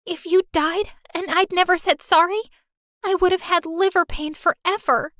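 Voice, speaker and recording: A woman voicing a remorseful teenage girl apologizing earnestly in an animated story. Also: very high-pitched, normal speed, no echo, clean studio sound. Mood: apologetic. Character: remorseful teen girl, Michelle.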